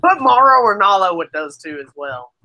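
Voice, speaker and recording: A woman co-hosting a podcast in casual chat, excitable with loud exclamations. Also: medium pitch, normal speed, slight background noise, low-quality recording. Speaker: podcast co-host.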